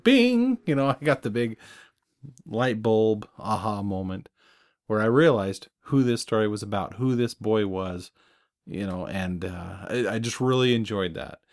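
A man's voice: lowish voice, a little slow, a little mellow. A man hosting a podcast, talking in a reflective, conversational way and chuckling at himself now and then. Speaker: podcast host. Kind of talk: casual chat.

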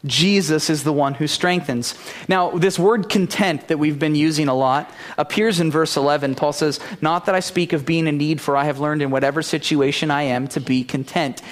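A man's voice: fairly high pitch, moderate pace. A man preaching a sermon as pastor, earnest, asking rhetorical questions of the congregation.

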